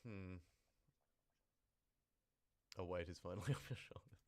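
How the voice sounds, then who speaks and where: A man's voice: deep voice, measured pace, dry recording. A man chatting casually and joking on a live stream. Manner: joking, self-amused, chatty. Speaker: horror story narrator on a live stream.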